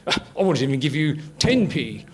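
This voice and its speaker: A man's voice: fairly high pitch, very animated, moderate pace, slightly rough, voice pushed down. A man voicing a flustered, prim elderly king who stammers his refusals.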